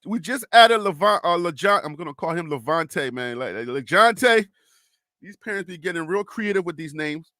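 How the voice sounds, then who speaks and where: A young man with a high, bright, ringing voice hosts a casual sports live stream. He chats loosely, reads viewer comments aloud and laughs often. The recording is close and dry. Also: no room sound.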